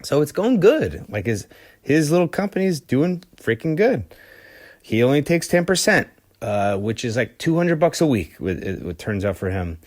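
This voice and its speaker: A man's voice: medium pitch, very animated, moderate pace, a little mellow, no room sound, studio quality. A man hosting a podcast, telling a rock story in a loose, casual way with lots of fillers and the odd curse. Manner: loose and profane, many fillers and restarts. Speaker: podcast host.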